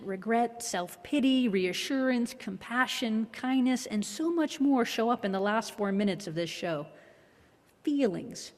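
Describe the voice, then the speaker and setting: A woman minister giving a reflective, measured sermon with a gently wry touch. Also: on the high side. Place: worship hall. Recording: long hall reverb.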